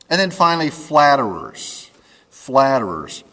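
A man's voice: medium pitch, measured pace, a bit bright, big-room sound. A male pastor giving a conversational sermon, often checking in with his listeners. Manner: conversational preaching with frequent "okay?" checks.

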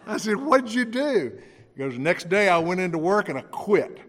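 A man delivers a sermon in a fairly high voice, acting out the dialogue in his stories and chuckling as he goes. His voice carries a long reverberant tail from a large hall. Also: big pitch swings, normal speed, fairly bright tone. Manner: storytelling with acted-out dialogue and chuckles. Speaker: preacher.

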